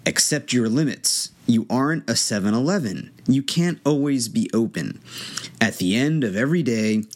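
A man reading a numbered list of tips aloud and adding plainspoken, quick asides between them. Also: medium pitch, expressive.

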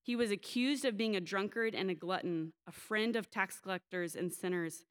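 A woman's voice: mid-range voice, normal speed, clean tone. Storytelling woman preaching a sermon. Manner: candid, storytelling, animated when quoting others. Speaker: pastor.

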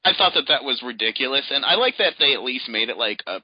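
An animated man on a podcast, his pitch leaping all over as he rants and mimics characters. The sound is dull and lo-fi, with a dry, close feel and no room around the voice. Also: slightly rough, no room sound. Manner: animated, fast, quotes characters in put-on voices. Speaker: podcast co-host. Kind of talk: casual comic book discussion.

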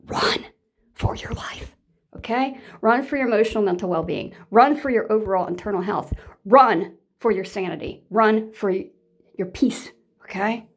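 A woman's voice: mid-range voice, normal speed. Blunt, emphatic woman talking to viewers. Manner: emphatic, blunt, repetitive, swears freely. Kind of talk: casual monologue to viewers.

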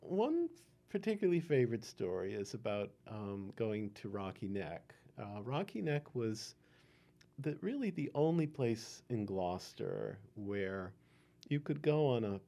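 An older man reminisces in an oral history interview, with an easy, unhurried storytelling manner full of ums. His voice sits low and mellow. His pitch rises and falls in lively swings. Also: gravelly. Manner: unhurried, many ums, chuckling.

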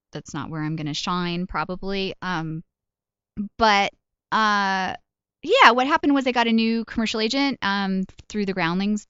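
A woman's voice: fairly low pitch, fairly bright tone, smooth, no echo, dull audio. A woman comedian and voice actor chatting in an interview, telling stories in a self-deprecating way with laughs along the way. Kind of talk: casual interview chat.

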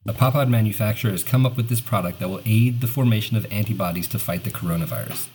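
A man's voice: fairly low pitch, fast, darkish tone, slight background noise. A man co-hosting a casual podcast, reading a news item aloud, stumbling over long names and laughing as he goes. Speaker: podcast co-host.

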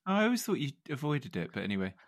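A man co-hosting a podcast in casual chat, joking, telling animated stories and laughing loudly. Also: on the high side, fast, dry recording, studio quality. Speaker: podcast co-host.

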